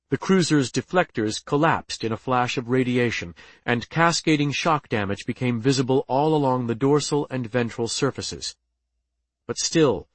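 A man giving steady, scripted audiobook narration. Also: medium pitch, no room sound.

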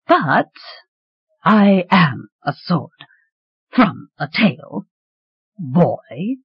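A narrator voicing an ancient female talking sword with a slow, sleepy, gravelly voice and a dry, mordant humor. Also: medium pitch, sing-song, dry recording, exaggerated voice. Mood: dryly amused. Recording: dry, slightly dull recording.

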